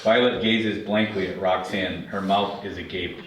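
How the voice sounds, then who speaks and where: Man, deep voice, reading script directions, matter-of-fact, very echoey, distant mic. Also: steady tone, unhurried. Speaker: narrator reading scene directions. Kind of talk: script read-through narration. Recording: very echoey, distant, faint hiss.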